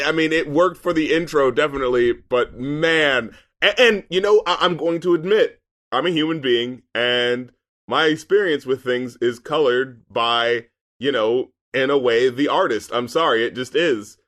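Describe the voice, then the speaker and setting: Male co-host, a touch high-pitched, loose and jokey, cusses and laughs through his takes. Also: normal speed. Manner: animated and joking, swears, laughs a lot. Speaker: co-host of an album review show. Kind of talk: casual review chat.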